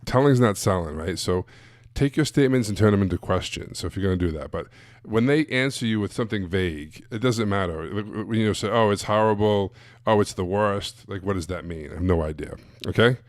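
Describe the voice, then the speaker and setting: A man's voice: sits low, lively intonation, brisk, hardly any pauses, no echo, studio quality. A man coaching other coaches live, blunt and direct, asking rhetorical questions and repeating his points. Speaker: sales coach. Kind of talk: live-streamed teaching.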